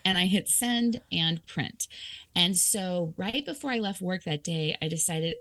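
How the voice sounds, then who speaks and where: A woman's voice: lowish voice, a little slow, no echo. A woman author telling a personal story in conversation, laughing often and acting out her own thoughts. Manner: lively, laughing, acts out quoted thoughts. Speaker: author guest.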